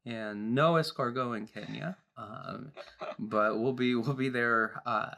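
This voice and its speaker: A man's voice: medium pitch, slow, creaky. A man hosting a church Sabbath School program, chatting casually with a co-host and making announcements, often repeating and restarting his phrases. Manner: warm, joking, restarts phrases. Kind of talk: church program talk and prayer.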